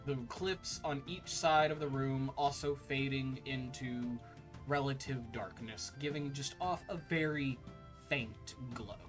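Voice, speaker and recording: A man narrating scenes as the game master of a tabletop game, slow and descriptive with filler words. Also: medium pitch. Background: faint background music.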